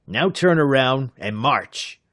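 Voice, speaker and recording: A man voicing a big, rough gunman in an audiobook, snarling his threats. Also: mid-range voice, very animated, measured pace, no echo, studio quality, pitched above the performer's own voice. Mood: menacing. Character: big rough adult male gunman, menacing.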